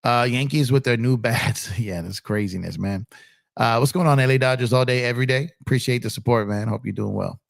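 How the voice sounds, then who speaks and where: A man chats casually on a live stream, laid-back and prone to repeating himself as he reads messages aloud. His voice is gravelly, still a little rough from a recent cold. The sound is dry and close, with no room around it. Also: mid-range voice, a little fast, no echo. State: recovering from a cold. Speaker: sports stream host.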